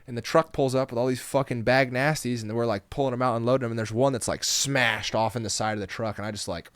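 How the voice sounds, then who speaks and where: A man's voice: mid-range voice, fairly even intonation, fast talker, clear, resonant tone, no echo. A man telling stories as a comedian guest on a podcast, rambling and profane, laughing as he goes. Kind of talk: casual podcast storytelling.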